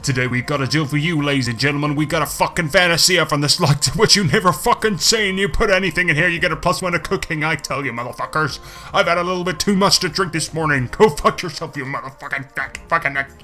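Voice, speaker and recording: A man puts on a boozy, cursing home-shopping huckster for a comedy skit, pushing the pitch in a brash, sweary patter. The voice sits a little high and sounds bright, with faint music underneath. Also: fast. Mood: drunk ranting. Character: drunk foul-mouthed male TV shopping salesman.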